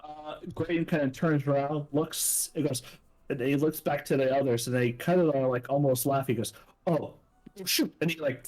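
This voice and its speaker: A man narrating a tabletop role-playing game as game master, casual and halting, with many fillers. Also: mid-range voice, low-quality recording.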